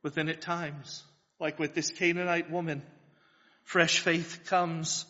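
A man's voice: fairly high pitch, flat delivery, slow, sharp tone. A man preaching a sermon, earnest and building to fervent pleas, asking his listeners questions. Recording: dull lo-fi sound with long hall reverb.

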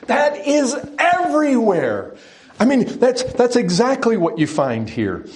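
A man's voice: very high voice, wildly swooping pitch, a little slow. A man preaching a sermon, speaking with emphasis and putting direct questions to his listeners. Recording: echoey room.

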